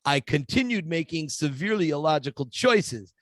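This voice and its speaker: A man's voice: on the high side, normal speed, no room sound. Dry-sounding man telling a long story. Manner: animated storyteller acting out quoted voices. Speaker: interview guest. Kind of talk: storytelling in a podcast interview.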